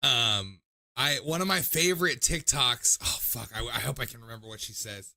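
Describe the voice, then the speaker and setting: A man's voice: mid-range voice, moderate pace, pushed and bright. A man hosting a call-in livestream, chatting casually in a rambling, profane, loose way while tipsy. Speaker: livestream call-in show host.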